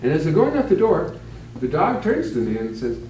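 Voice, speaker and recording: A man, a physician, giving a conference talk on leadership with a joke, in a relaxed, plain-spoken storytelling way. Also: on the high side, brisk. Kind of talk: conference lecture with jokes. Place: meeting room with a live audience. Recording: echoey, distant, noisy room recording.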